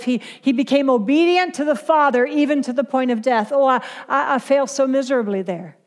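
High-voiced woman teaching Scripture. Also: darkish tone, big-room sound. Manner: earnest, confessional, word-by-word explanation. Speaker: Bible teacher. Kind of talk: devotional Bible teaching.

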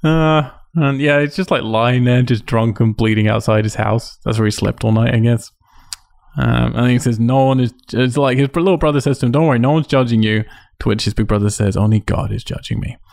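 A man's voice: medium pitch, a little fast, creaky, a little mellow. A man in a casual podcast chat, retelling a show's plot and laughing as he goes. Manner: storytelling, laughs between lines. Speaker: podcast co-host. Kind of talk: casual chat recapping a show.

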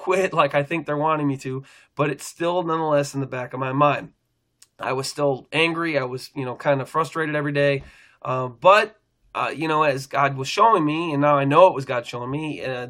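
A man's voice: medium pitch, pushed and bright. A middle-aged man, a pastor, telling a personal faith testimony in an earnest, rambling way, often restarting his sentences.

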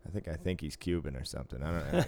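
A man's voice: sits low, big pitch swings, racing, gravelly, a little mellow. A man in his thirties co-hosting a podcast in casual chat, laid-back, swearing freely and laughing often. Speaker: podcast co-host.

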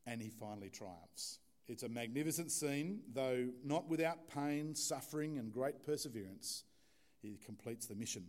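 Speaking at a moderate pace in an animated, darkish mid-range voice, a male pastor delivers a chatty, relaxed sermon. He keeps things informal and trades jokes with the congregation, with a church setting in the background.

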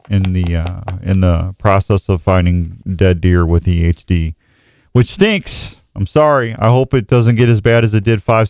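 Casting: low-voiced male radio host, smooth and dry studio sound, laid-back rambling delivery. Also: darkish tone, no echo. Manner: rambling, self-deprecating, reads reports aloud. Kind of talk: casual outdoors radio talk. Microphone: studio microphone.

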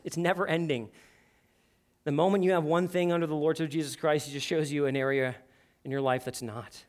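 A man in his thirties preaching a sermon to his church, earnest and lively, often repeating "listen" as he tells stories. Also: fairly high pitch. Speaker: pastor. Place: church sanctuary.

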